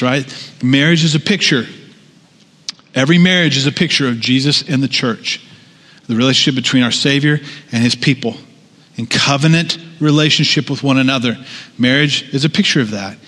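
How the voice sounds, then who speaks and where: A long hall reverb surrounds a pastor's conversational sermon, which wanders into asides and restarts. He has a medium-pitched, fairly bright voice.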